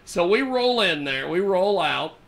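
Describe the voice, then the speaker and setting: A man hosting a talk radio show, telling a story in a relaxed, animated way, acting out what others said and laughing often. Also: high-pitched, a little slow, vocal fry.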